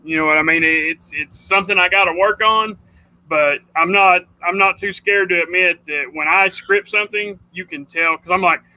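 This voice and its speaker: A man with a high, very bright and sharp voice hosts a loose livestream from his home computer. He rambles and chats freely. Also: normal speed, poor audio. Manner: rambling, chatty, says dude a lot. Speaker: livestream host. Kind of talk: casual livestream chat.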